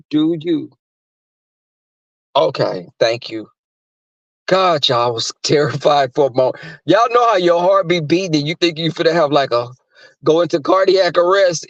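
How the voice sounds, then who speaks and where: A man's voice: on the high side, fairly bright tone, no echo. A man hosting a livestream, talking crudely and rambling in casual chat, often laughing. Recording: dry muffled recording.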